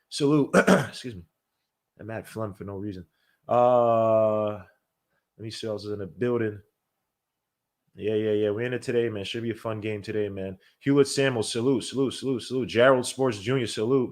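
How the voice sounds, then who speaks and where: A man hosting a live basketball watch-along podcast, chatting casually and animatedly, shouting out viewers by name. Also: medium pitch. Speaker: podcast host.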